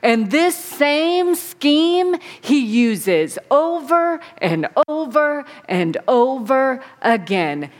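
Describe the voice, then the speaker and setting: Slow, dramatic woman preacher. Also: high voice, very animated. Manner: dramatic, swinging between soft and emphatic. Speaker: pastor. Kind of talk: sermon.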